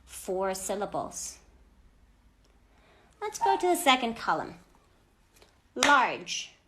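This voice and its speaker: A woman teaching an English grammar lesson to children, speaking clearly and deliberately and stressing each example word. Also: medium pitch, big pitch swings, fairly bright tone, a little hiss or hum.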